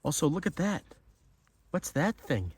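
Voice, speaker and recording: A man hosting a fishkeeping vlog, chatting casually and excitedly to his viewers with rambling asides. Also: a little high, measured pace, husky. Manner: rambling with fillers. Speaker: fishkeeping channel host.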